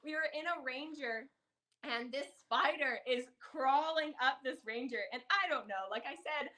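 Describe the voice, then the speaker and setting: A woman's voice: sits high, normal speed, noisy background. A young woman from Canada telling stories in a podcast interview, giggling often and filling her talk with "like". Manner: giggly, lots of fillers, animated quoting. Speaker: podcast guest, former rodeo queen. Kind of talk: casual storytelling.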